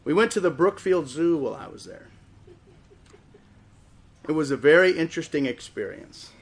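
Wisconsin-accented preacher telling stories. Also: male voice, fairly high pitch. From Chicago area, raised in Wisconsin. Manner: storytelling preacher, swells louder and slower for emphasis. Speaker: guest preacher. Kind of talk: sermon.

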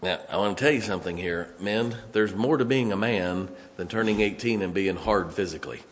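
A man preaching a sermon in a church, emphatic, swinging from loud to hushed. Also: low voice, brisk, slight background noise.

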